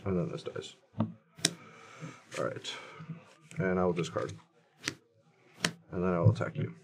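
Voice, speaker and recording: Low-voiced man, card player mid-match, talks his plays through aloud with playful restarts. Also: unhurried, gravelly, noisy background. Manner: thinks aloud, joking, hesitant restarts. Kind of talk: casual table talk during a match.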